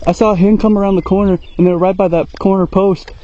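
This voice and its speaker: Excited high-voiced man in the field. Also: fast. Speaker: hunter. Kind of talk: casual outdoor chat. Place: outdoors in rural fields. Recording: dull outdoor audio, faint field noise. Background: crickets and insects.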